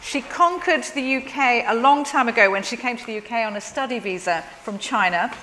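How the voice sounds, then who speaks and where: A woman hosting a live event, introducing and interviewing a guest writer in a lively, chatty way. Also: fairly high pitch, brisk, slight background noise. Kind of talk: onstage interview. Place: large hall at a live event. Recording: hall reverb from a live stage.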